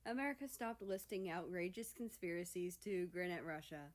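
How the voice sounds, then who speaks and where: A woman narrating a fan fiction story in an expressive, steady reading voice. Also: on the low side, moderate pace. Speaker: story reader.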